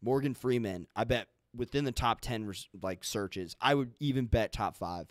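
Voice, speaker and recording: A man's voice: mid-range voice, moderate pace, no room sound, studio quality. Rambling young man, casual podcast guest. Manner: rambling, filler-heavy, jokey. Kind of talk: casual chat.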